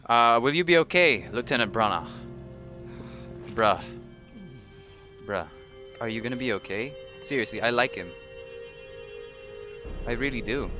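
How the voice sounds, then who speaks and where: Excitable male gamer, casual gameplay commentary, bright voice, lively pitch, light music behind. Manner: excitable, exclaiming, jokey. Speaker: let's play gamer.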